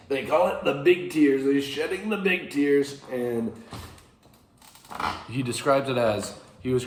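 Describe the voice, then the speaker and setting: Slow, lowish man in an echoey room. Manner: rambling, self-correcting, with dry asides. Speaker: teacher retelling a classic epic. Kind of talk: casual lecture retelling.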